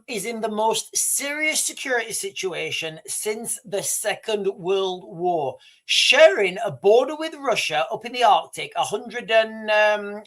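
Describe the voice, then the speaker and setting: A man in his thirties from the United Kingdom, hosting a casual livestream. His pitch swings widely and lively as he rambles along, often calling his viewers guys and wandering off on loose asides. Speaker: livestream host.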